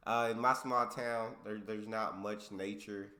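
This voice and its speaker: A man's voice: on the low side, fairly even intonation, unhurried, bright, forceful tone. A man from a small town in Texas, hosting a reaction video in an upbeat, slangy, casual way. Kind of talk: casual chat.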